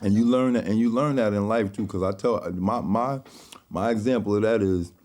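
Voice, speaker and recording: A man hosting a podcast, interviewing in relaxed slang and affirming his guest often. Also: lowish voice, normal speed. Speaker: podcast host. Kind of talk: casual podcast conversation.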